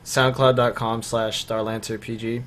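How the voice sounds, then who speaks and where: A man's voice: fairly low pitch, level tone, normal speed, fairly bright tone, a little hiss or hum. A young man co-hosting a podcast in casual chat, talking loosely with lots of fillers. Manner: loose and rambling, many fillers. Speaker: podcast co-host.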